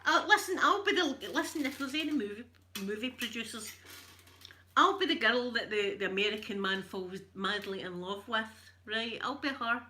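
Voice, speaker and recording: Bright-voiced chatty Scottish woman. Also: fairly high pitch, animated, moderate pace. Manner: chatty and joking, laughs often. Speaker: ASMR creator. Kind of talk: casual ASMR chat while ironing.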